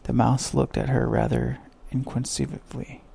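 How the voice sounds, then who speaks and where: A man reading a children's story aloud in a soft, measured way. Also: medium pitch, little pitch movement. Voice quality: creaky, husky.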